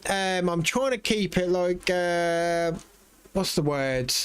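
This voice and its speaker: A man's voice: sits high, takes it slowly, clean tone. A man casually commenting on his gameplay, rambling and swearing freely. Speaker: gameplay streamer.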